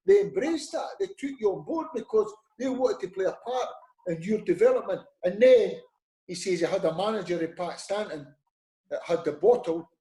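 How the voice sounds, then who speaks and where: A man's voice: sits high, dark tone. A middle-aged man with a Scottish accent, a former football manager telling stories as a guest and acting out the voices of people he quotes. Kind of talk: conversational storytelling. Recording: roomy echo.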